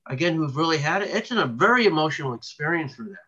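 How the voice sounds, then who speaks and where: A man's voice: fairly high pitch, expressive, quick pace, sharp tone, slightly rough, muffled recording. A man being interviewed as a researcher, telling long stories in a rambling way, with many restarts and fillers. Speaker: cryptid researcher guest. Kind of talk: casual interview talk.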